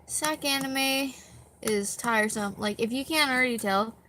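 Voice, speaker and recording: A young woman rambles through a casual live stream, worn out and self-deprecating, dropping the odd curse. Her voice sits a bit high and bright and leaps around in pitch, though she talks at an unhurried pace. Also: slight background noise. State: tired. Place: at home with a dog on her back.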